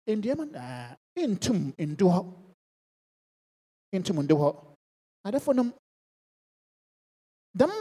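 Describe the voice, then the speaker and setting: A woman preacher delivers a sermon that moves between English and a local language. Her voice is warm and relaxed, and the sound carries the long echo of a big hall. She drops to near-whispers and then rises to loud, ringing lines. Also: on the high side.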